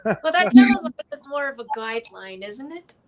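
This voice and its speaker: A woman with a slightly high voice chats with easy, wry humor. She drops dry one-liners between her bandmates' stories. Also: very animated, fairly quick. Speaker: band member. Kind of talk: casual interview chat.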